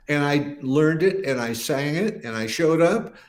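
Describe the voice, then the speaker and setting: A man's voice: mid-range voice, animated, unhurried, few pauses. An older man, a musician guest, telling a rambling anecdote in casual talk and acting out the voices of people he quotes. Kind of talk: casual storytelling interview.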